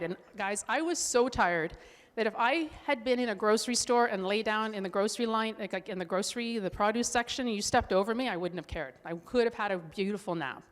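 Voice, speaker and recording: A woman's voice: medium pitch, a little fast. A middle-aged woman, a holistic nutrition coach, giving a presentation talk with a candid, earnest personal story and frequent restarts. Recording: long hall reverb.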